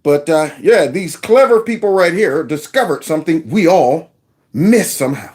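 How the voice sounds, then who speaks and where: A man hosting a video commentary, reacting to clips in an animated, sarcastic, conversational way. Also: a little high, moderate pace. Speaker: host.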